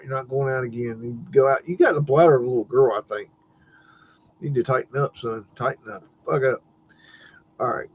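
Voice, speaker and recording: Casual male stream host, rambly, laughs a lot, salty language. Muffled lo-fi audio, faint hiss. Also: medium pitch. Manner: rambling, laughing, swearing, talks to his dog. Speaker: livestream host. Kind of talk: casual livestream commentary.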